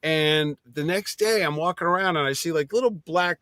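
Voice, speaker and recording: A man's voice: a little high, moderate pace, pushed and bright, dry recording, studio quality. A man co-hosting a casual talk show and telling a rambling story. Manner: chatty, rambling anecdotes. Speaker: podcast co-host. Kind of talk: casual chat.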